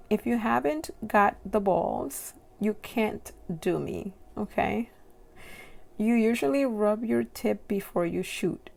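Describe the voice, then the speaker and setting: A young woman with a non-native English accent giving a casual tarot reading to camera, giggling often and reading card text slowly and carefully. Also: mid-range voice, creaky, darkish tone.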